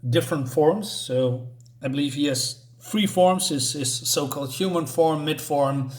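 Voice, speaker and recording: A man giving a casual spoken review of a comic book, halting, with many restarts and fillers. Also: a little high.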